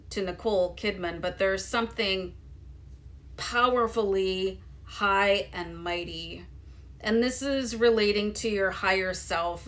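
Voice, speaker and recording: A tarot reader with a medium-pitched, fairly bright voice talks straight to her viewers in an easygoing reading. She's loose and chatty, with lots of "you know" and "um."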